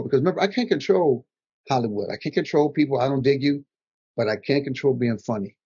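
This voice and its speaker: A man's voice: mid-range voice, quick pace, husky. An older man, a guest comedian, giving motivational advice in conversation and acting out the things people said to him. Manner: animated storyteller, acts out quotes. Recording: dull lo-fi audio.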